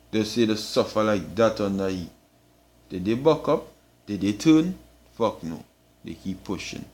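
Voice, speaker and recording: A man's voice: lowish voice, darkish tone. A man with a Trinidadian accent preaching an informal sermon, emphatic and blunt, tagging his lines with "boy" and swearing for emphasis.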